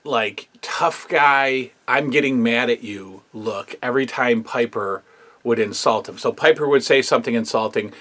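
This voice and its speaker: A man's voice: medium pitch, moderate pace, fairly bright tone. A man hosting a casual review show, talking in a rambling, opinionated way with lots of fillers. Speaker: wrestling history show host.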